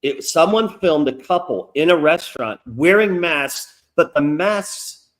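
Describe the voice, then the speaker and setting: Middle-aged guy swearing a lot, voice jumping up and down, kinda high for a man. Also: measured pace. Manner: profane, animated storytelling with quoted asides. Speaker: guest comic creator. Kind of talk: casual interview chat. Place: lives in North Carolina.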